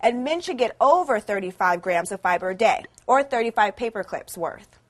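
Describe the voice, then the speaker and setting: A woman presenting a scripted educational lesson, explaining clearly and cheerfully. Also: mid-range voice, animated, normal speed.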